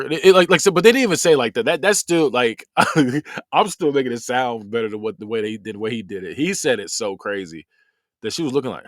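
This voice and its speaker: A man hosting a podcast, giving a rambling, animated review of a documentary he has just finished. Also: mid-range voice, fairly quick, no echo, studio quality. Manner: rambling, animated, repeats himself. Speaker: podcast host.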